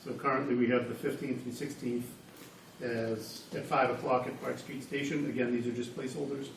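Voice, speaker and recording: A man's voice: mid-range voice, flat delivery, fairly quick, creaky, slight background noise. Guy going over meeting dates, helpful, echoey room, mic kinda far off. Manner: helpful, explains logistics. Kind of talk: casual committee meeting talk.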